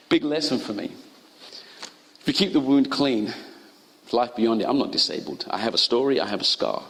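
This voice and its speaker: A male pastor preaching a sermon, telling stories and acting out the voices of the people in them with sudden high cries. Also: lively intonation, moderate pace, long pauses, fairly bright tone. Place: college chapel or hall. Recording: long hall reverb.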